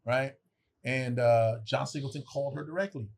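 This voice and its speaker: A man in his forties, a guest actor telling stories in casual chat, animated, acting out quotes and swearing freely. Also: mid-range voice, moderate pace, vocal fry, slight background noise.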